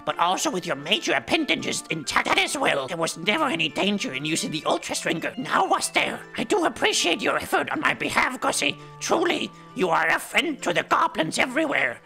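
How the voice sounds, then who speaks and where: A fussy little goblin quest-giver, put on by a man, speaks in a high, crackling rasp that swings wildly up and down. His tone is bright and pinched, and he talks with grand, theatrical formality. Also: sing-song, brisk, hardly any pauses, faint music behind, full character voice. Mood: grandiose. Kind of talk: reading quest text in a put-on voice.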